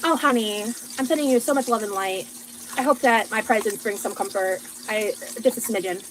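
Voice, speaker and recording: A woman's voice: medium pitch, moderate pace, background noise. A young adult woman chatting casually on a livestream, gushing over viewers' comments with lots of fillers. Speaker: livestreamer reading chat. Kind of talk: casual livestream chat while cooking.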